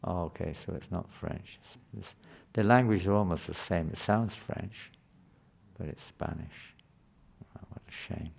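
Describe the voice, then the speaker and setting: Man, deep-ish voice, gravelly texture, informal scripture class, chatty, asks the room questions. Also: measured pace, a little mellow. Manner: conversational, often checks in with listeners with questions. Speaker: spiritual teacher giving a scripture class. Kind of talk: informal scripture lecture to a live group.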